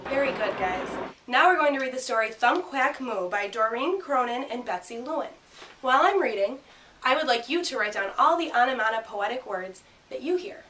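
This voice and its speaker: A woman teacher giving a grammar lesson and reading a picture book aloud, speaking clearly and punching out the sound words. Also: on the high side, expressive, moderate pace, bright, forceful tone, a little hiss or hum. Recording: roomy sound from a distant mic.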